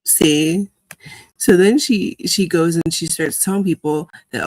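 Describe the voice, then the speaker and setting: A woman's voice: sits low, normal speed, darkish tone, low-quality recording. A woman livestreamer commenting on a replay of her earlier stream, in a matter-of-fact, slightly sarcastic way.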